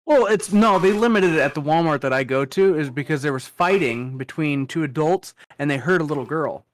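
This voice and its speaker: Man, 30s, podcast co-host, casual chat, relaxed, rambling. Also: a little high, a little fast. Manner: relaxed, rambling, full of "like" fillers.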